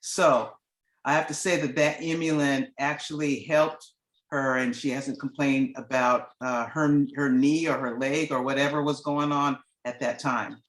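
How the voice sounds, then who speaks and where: A woman's voice: very deep voice, steady tone, measured pace. A middle-aged woman sharing a personal testimonial in a rambling way, restarting often and acting out the dialogue she quotes. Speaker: guest giving a testimonial. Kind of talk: casual storytelling. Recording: echoey room sound.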